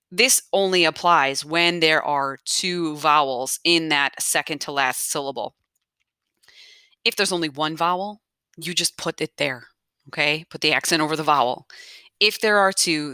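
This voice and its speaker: A woman's voice: sits low, a little slow, sharp tone, clean tone, dry recording, studio quality. A woman teaching a recorded grammar lesson, patient, restating each rule and checking in with "okay?". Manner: patient, repeats key points, checks in with "okay?". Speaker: Spanish teacher.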